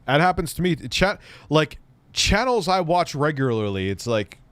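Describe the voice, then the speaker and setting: A man's voice: a little high, very animated, moderate pace, a bit bright, clear, resonant tone, no room sound. A man hosting a casual livestream, rambling and wry, swearing now and then. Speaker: livestream host reacting to an old news clip.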